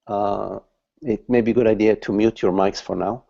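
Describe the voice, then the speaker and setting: A man giving a satsang talk as a spiritual teacher, speaking slowly and haltingly and repeating words as he searches for them, over dull online call audio. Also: fairly low pitch, fairly even intonation, vocal fry, mellow.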